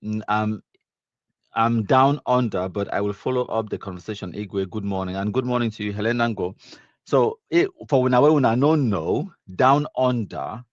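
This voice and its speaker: A man's voice: on the low side, normal speed, no echo, lo-fi sound. A man with a Cameroonian accent hosting a live stream, casually reading viewer comments aloud, mixing in Pidgin and laughing often.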